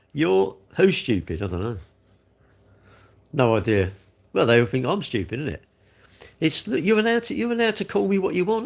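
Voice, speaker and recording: A middle-aged man rambles through a casual livestream chat. He addresses his viewers directly, and his pitch rises and falls in a lively way. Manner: rambling, talks straight to viewers. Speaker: livestream host.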